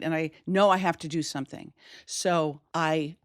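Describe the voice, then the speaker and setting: A woman's voice: deep voice, normal speed, dry recording, clean studio sound. A middle-aged woman from Wisconsin telling a personal story, acting out the voices she quotes. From Wisconsin, USA. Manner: animated, acts out quoted voices.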